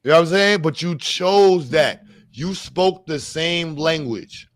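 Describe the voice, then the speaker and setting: A man's voice: fairly high pitch, slow, dry recording. Blunt, profane man ranting. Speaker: podcast host. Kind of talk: heated casual rant.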